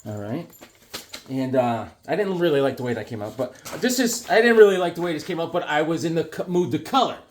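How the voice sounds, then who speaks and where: A man talking casually to his camera about his drawings and comic books. His pitch swings widely and sits a little high for a man, and he keeps breaking into quick silly voices. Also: slight background noise. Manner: animated, jumps into quick silly voices and shouts.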